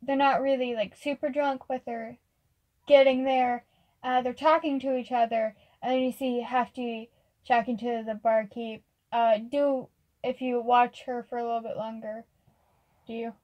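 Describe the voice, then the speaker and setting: Woman, high voice, game master, casual hesitant narration, tabletop game. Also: flat delivery, normal speed, muffled recording.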